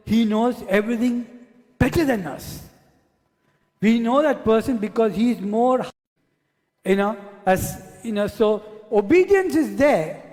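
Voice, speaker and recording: High-pitched guy preaching, hammers the same words over and over, big echoey church hall. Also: a little mellow. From Asia. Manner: repeats words for emphasis, stretches key words. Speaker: pastor. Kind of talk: sermon. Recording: long church hall reverb.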